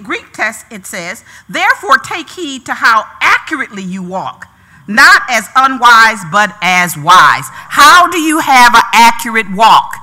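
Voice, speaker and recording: A woman preaching a sermon. Her voice is very bright and ringing, and her pitch swings widely. She repeats phrases with rising emphasis and calls to the congregation for answers.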